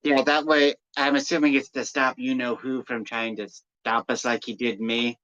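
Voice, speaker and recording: A man's voice: mid-range voice, little pitch movement, normal speed, fairly bright tone. A man playing a tabletop game, earnest and often restarting his sentences, heard through a dull lo-fi microphone. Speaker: player. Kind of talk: tabletop role-play chat.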